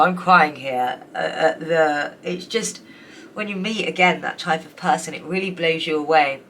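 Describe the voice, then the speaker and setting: A woman's voice: deep voice, fairly bright tone, slight background noise. A woman giving a tarot reading, emotional and tearful, rambling with many restarts. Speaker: tarot reader. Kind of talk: pick-a-card tarot reading.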